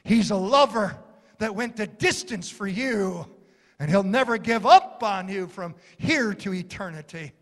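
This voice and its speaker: Male preacher, very high voice, slow deliberate passionate sermon delivery, in a reverberant hall. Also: animated. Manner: impassioned, rising to shouts and dropping low.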